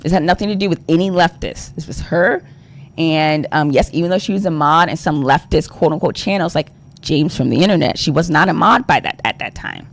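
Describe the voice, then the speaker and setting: A man's voice: fairly high pitch, fairly quick, creaky, a bit bright. A young adult man talking on a livestream, exasperated and rambling, full of fillers and swearing. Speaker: streamer. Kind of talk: ranting livestream talk.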